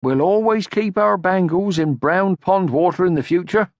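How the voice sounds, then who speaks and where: A man voicing a kind, calm, motherly troll creature in an audiobook, speaking gently. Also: high-pitched, normal speed, dry recording, pitched above the performer's own voice. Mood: gentle. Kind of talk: audiobook character voice.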